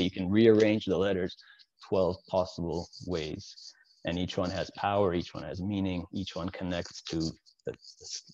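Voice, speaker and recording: A man's voice: deep voice, darkish tone, no echo, lo-fi sound. A man from the Soviet Union teaching in a casual lecture, explaining as he goes and checking in with the listener. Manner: explanatory, with frequent asides and "right?" check-ins.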